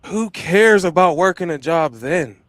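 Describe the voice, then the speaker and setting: A man's voice: sits high, lively intonation, measured pace, fairly bright tone, no room sound. A man hosting a podcast, talking in a hyped, slangy, motivational way and often repeating himself. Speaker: podcast host. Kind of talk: casual motivational chat.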